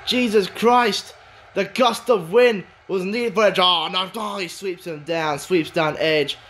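Very high-voiced excitable male commentator. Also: measured pace, a little hiss or hum. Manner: shouts in bursts, swears, lively and excitable. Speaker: wrestling commentator.

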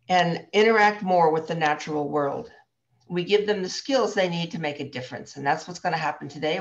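A woman hosting an online event, giving a friendly, slightly halting welcome and introducing the speaker. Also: fairly low pitch. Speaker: event host. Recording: dull lo-fi call audio.

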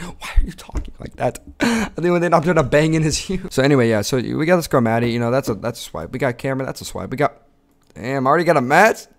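A young man talks straight to his viewers in loose, crude banter full of slang. His voice sits at an ordinary middle pitch and keeps jumping into hyped, yelling bursts. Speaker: content creator. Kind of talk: casual vlog commentary.

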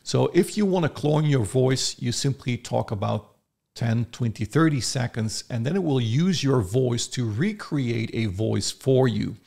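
A man talks through a software tutorial in a loose, chatty way, thinking out loud as he goes. His mid-pitched voice carries a bit of gravel. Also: lively intonation, measured pace. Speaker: software reviewer. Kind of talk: casual screen-recorded tutorial.

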